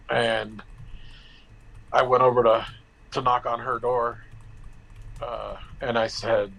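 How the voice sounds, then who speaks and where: A man tells a personal story candidly, blunt and profane, acting out the dialogue and halting with restarts and fillers. His mid-range voice is gravelly with a fairly bright tone, captured in a low-quality recording.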